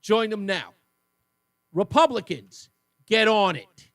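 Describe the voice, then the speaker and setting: A man's voice: expressive, slow pace, long pauses, a bit bright, no room sound. A man hosting a talk radio show, delivering a fiery, mocking monologue and taking callers. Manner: fiery, mocking, mimics others in shrill voices. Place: radio studio.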